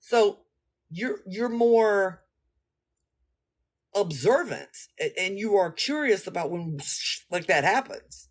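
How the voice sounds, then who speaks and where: A man talking casually, telling a story in an animated, slangy, rambling way and speaking straight to his listeners. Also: high voice, takes it slowly, long pauses.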